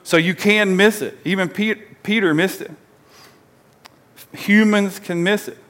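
A man in his forties delivers a sermon in a conversational, animated way, his voice sitting a little high. He talks to the congregation like friends and has them repeat phrases back to him. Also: measured pace. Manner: animated, conversational preaching with call-and-response. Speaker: pastor.

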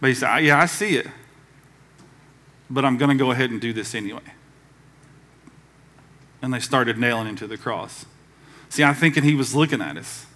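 A man's voice: mid-range voice, moderate pace, pauses often, sharp tone. A man from the American South preaching a conversational sermon as pastor, acting out quoted voices along the way.

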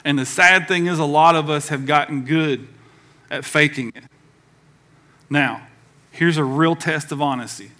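Man, pastor, sermon, bright tone, slightly raised pitch, conversational, acts out quoted voices. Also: a little slow, pauses often. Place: church sanctuary.

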